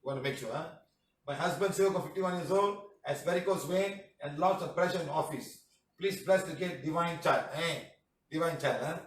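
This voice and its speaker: Reading out testimonials to a casual class, a man with a Malaysian English accent plays the jokey, chatty healing teacher, laughing a lot and saying "madam" and "huh" again and again. His voice is slightly high and a little quick. Echo fills the room, and he's somewhat distant from the microphone.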